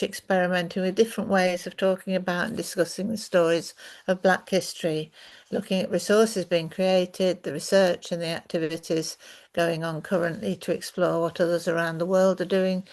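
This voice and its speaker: A woman hosting an online meeting, talking in a relaxed, chatty way with many fillers, then reading a formal acknowledgement and reflection. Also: lowish voice. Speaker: host.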